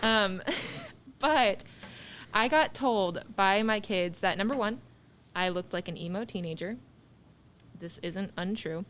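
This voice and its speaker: A woman's voice: mid-range voice, takes it slowly, pauses often, slight background noise. Young woman telling stories animatedly. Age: 20s. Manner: animated storyteller acting out kids' voices. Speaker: podcast co-host. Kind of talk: casual podcast chat.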